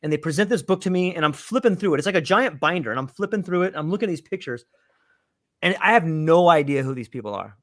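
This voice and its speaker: A man telling a story in a casual chat, lively and acting out the voices of the people in it. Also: on the high side, fast, no echo, clean studio sound. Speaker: panel guest telling a story.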